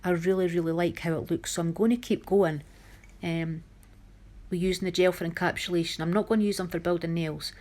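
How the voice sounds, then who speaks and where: A woman's voice: fairly low pitch, steady tone, brisk, mellow. A woman narrating a nail art tutorial in a chatty, homely way, often critical of her own work. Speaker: nail art channel host.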